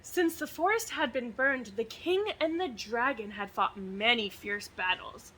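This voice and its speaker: A woman reading a picture book aloud to children with expressive, sing-song storytelling. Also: on the high side, unhurried, slight background noise, rough recording. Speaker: student success advisor reading to children.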